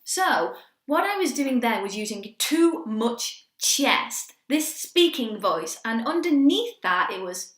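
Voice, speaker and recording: A young woman coaching singers in a quick lesson, chatty and encouraging, breaking into sung demonstrations. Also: fairly high pitch, sing-song, roomy sound. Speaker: vocal coach.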